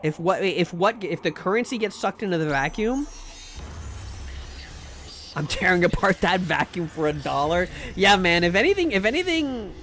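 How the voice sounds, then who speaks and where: A man's voice: high-pitched, normal speed, long pauses, fairly bright tone, a little hiss or hum. A man streaming a game live, joking around as he plays and reads chat, often repeating words while he talks. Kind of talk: live gameplay commentary and chat reading.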